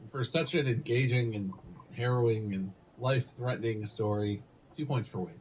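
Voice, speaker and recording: A man's voice: medium pitch, moderate pace, slight background noise, poor audio. A man hosting a podcast in casual comedic chat, speaking in a dry, teasing way as he starts a story. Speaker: podcast host.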